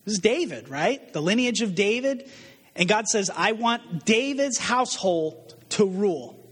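A man preaches to his congregation in a high voice, throwing out rhetorical questions and acting out the people he quotes. His words ring with the long reverb of a large hall. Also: animated, measured pace, fairly bright tone, breathy edge. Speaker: pastor. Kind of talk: sermon.

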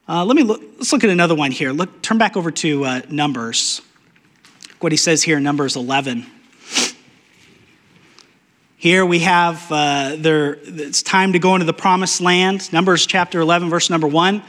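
Brief: high-pitched male pastor, casual and emphatic, echoing sanctuary sound. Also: lively intonation, normal speed. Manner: conversational, playfully emphatic, trails off into soft repetitions. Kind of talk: sermon with Bible reading.

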